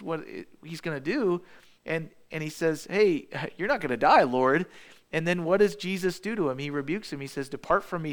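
A man preaching a sermon in a casual, storytelling way, often restarting his phrases. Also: fairly high pitch.

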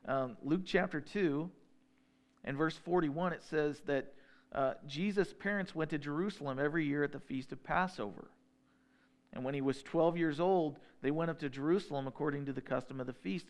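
A man preaching a sermon in a relaxed conversational way, slowing down when he reads scripture. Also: fairly high pitch. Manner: conversational, slows down to read scripture. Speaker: pastor.

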